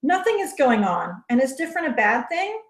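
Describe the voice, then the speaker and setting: A woman's voice: high voice, big pitch swings, brisk, pitched above the performer's own voice. A woman reading the lines of a determined young witch who speaks to her lover in a reassuring, guarded way. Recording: roomy echo.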